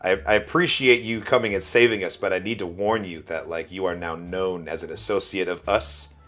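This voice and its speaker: A man playing a tabletop role-playing game, talking in an animated way and laughing often. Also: deep voice, brisk, faint music behind. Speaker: player. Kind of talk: casual tabletop role-play.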